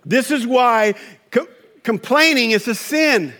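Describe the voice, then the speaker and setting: A male pastor with a high-pitched voice preaches slowly in a loose, conversational style. His intonation is lively and his tone sharp as he acts out what people say and chuckles at his own stories.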